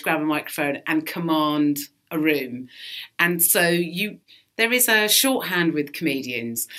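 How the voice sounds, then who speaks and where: Woman, stand-up comedian, sweary storyteller, bright forceful tone. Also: fairly low pitch. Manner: lively storyteller, swears freely, acts out quotes. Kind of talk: casual interview chat.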